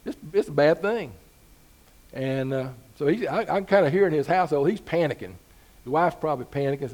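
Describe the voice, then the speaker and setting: A man's voice: on the high side, expressive, a little fast, darkish tone. A man preaching a sermon as pastor, talking to the congregation in an easygoing way with rhetorical questions and rising emphasis.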